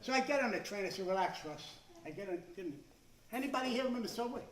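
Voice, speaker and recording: An older man doing stand-up, growing exasperated and shouting his punchlines. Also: high-pitched, lively intonation, fast talker. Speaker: stand-up comedian. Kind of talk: stand-up routine. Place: club stage before a live audience. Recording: echoey room, far from the mic.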